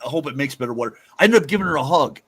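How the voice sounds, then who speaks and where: A man's voice: fairly high pitch, lively intonation, racing, fairly bright tone, breathy edge, dry recording. A man hosting a casual talk show, rambling and swearing with emphatic asides. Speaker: host. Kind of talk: casual chat.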